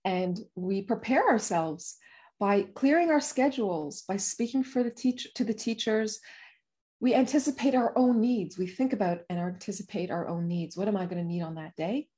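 A woman with a medium-pitched voice speaks gently and soothingly to parents. Her guidance is calm and reflective, with short pauses as she settles her thoughts. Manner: gentle, soothing, pausing to feel her emotions. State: emotional.

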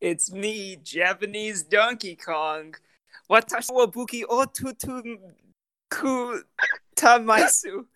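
Someone putting on a slow, bright Donkey Kong ape. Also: mid-range voice, fairly even intonation, clean tone, dry recording. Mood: deadpan.

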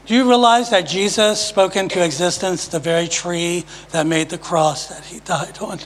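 High-pitched man, sermon testimony, emphatic then hushed, reverberant church hall. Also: moderate pace, slight background noise. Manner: emphatic, swings from loud to hushed. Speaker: preacher giving testimony. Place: church sanctuary.

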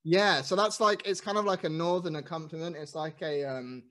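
A man's voice: a little high, fairly even intonation, a little fast, fairly bright tone. A man from England with a slight London accent, a podcast guest who answers hesitantly with lots of ums and restarts. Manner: hesitant, many fillers. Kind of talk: casual interview chat.

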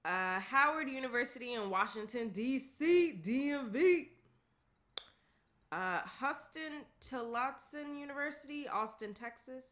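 A woman with a bright, forceful voice reads through a long list in a relaxed, casual way. She keeps a steady rhythm, laughs often, and drops in offhand asides. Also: sits high, a little slow. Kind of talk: casual reading of a list aloud.

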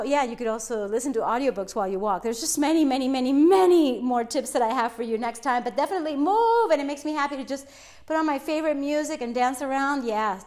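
A woman hosting her own podcast, talking alone in an upbeat, motivational and emphatic way. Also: sits high. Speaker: podcast host. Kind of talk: solo podcast monologue.

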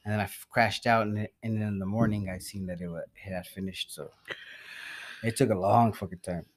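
A young man talks in a loose, profane, rambling way, with frequent fillers and half-finished sentences. His voice sits on the low side of the usual range for a man. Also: fairly even intonation, a little fast. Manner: rambling, profane, laughs often, trails off mid-sentence. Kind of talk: casual chat.

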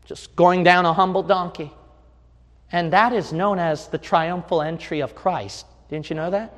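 High-voiced preaching man in a hall. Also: fairly even intonation, unhurried. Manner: preaching with rising shouted crescendos. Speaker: pastor. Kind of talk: sermon.

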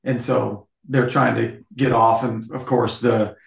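A man's voice: mid-range voice, level tone, measured pace, vocal fry. A middle-aged man guesting on a casual podcast, chuckling and wandering through his thoughts with plenty of fillers. His voice sits in the middle range and the room around him echoes. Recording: roomy echo.

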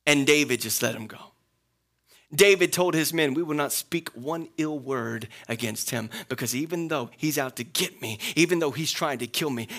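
A man's voice: medium pitch, sharp tone. A middle-aged man, a pastor, preaching a sermon and telling a personal story with rising emphatic peaks.

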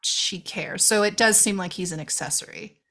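A woman with a bright, forceful voice co-hosts a movie podcast. She talks in an animated, chatty way, swears freely and jumps into little quoted voices to make her points. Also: mid-range voice, normal speed. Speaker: podcast co-host. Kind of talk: casual chat reviewing a movie.

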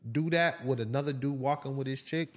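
A man co-hosting a podcast in casual chat, laid-back and quick to agree. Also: mid-range voice. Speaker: podcast co-host.

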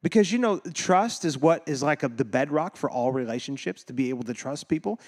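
A man with a slightly high voice speaks a little fast with lively intonation. He's a pastor preaching a sermon in a casual, animated way, joking and laughing with his congregation and acting out quoted voices.

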